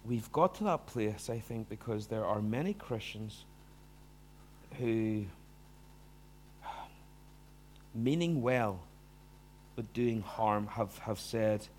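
A man's voice: fairly low pitch, slow pace, pauses often. Conversational male preacher, faint hum. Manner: conversational, acts out quoted voices with big swings. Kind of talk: sermon.

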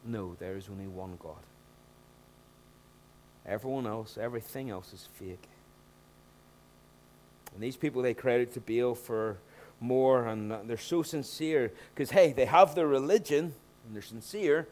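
A male pastor delivers a sermon in a mid-pitched voice, lively and conversational, rising to loud emphatic bursts when he acts out scenes. A faint hum sits under the recording. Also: normal speed.

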